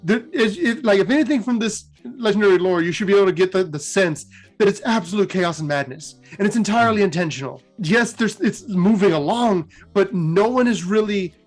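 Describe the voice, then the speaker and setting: Male host, high voice, animated casual lore retelling. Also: brisk, faint music behind. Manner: animated storytelling.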